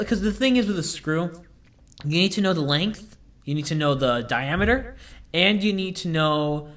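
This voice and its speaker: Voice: medium pitch, normal speed, fairly bright tone. A young hardware store worker telling a casual vlog story in a rambling, digressive way, full of "like".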